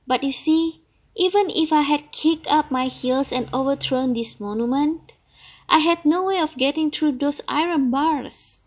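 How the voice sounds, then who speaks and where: A woman voicing an old trapped male turtle who is sly and boastful, talking in a coaxing way that turns loudly gleeful. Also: high voice, unhurried, voice pushed up. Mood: weary.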